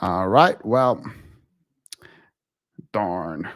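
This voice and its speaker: A man hosting a casual live call-in stream, animated and laughing, often breaking off mid-sentence. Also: low-pitched, extremely slow. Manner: animated, laughing, self-interrupting.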